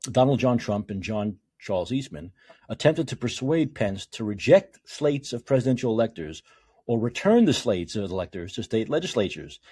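He speaks at a normal speed with a husky, fairly low voice. As host of a political talk show, he moves between measured readings of legal documents and furious, sarcastic outbursts laced with profanity.

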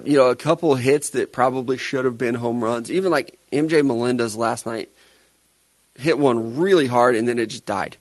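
A man's voice: medium pitch, darkish tone, no echo. A young man co-hosting a podcast, chatting casually and teasing his co-host with plenty of laughter. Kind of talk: casual chat.

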